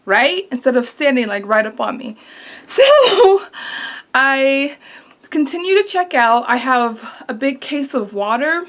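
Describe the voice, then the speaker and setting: A woman vlogger telling a story in a casual, animated way, exasperated and acting out what was said. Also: high voice, a little slow. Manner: animated, exasperated retelling with quoted asides.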